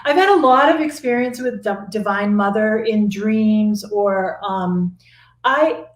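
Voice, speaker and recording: Animated woman telling a story, echoey room. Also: medium pitch, slow. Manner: animated, laughing, acts out quotes. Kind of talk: casual storytelling chat. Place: Sedona, Arizona.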